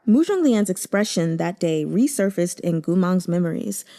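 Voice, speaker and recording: Brief: woman audiobook reader, mellow tone, very lively pitch, emotive. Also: moderate pace. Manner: expressive, emotive reading. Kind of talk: expressive novel narration.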